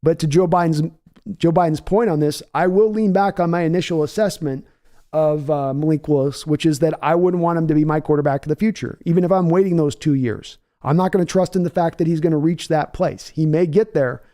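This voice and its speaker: A man with a slightly high yet warm, mellow voice hosts a live football stream. He talks in a casual, chatty way, answers viewers by name, and thinks his analysis through out loud. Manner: measured, thinking-aloud analysis with restarts. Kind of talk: casual live-stream football talk, reading chat aloud.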